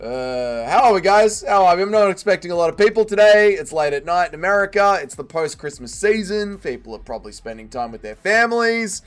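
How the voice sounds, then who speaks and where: A man's voice: high-pitched, brisk, hardly any pauses, clean tone. A man hosting a casual livestream, greeting chat and joking around. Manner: banters with chat, jokey and animated. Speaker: livestream host. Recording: faint music behind.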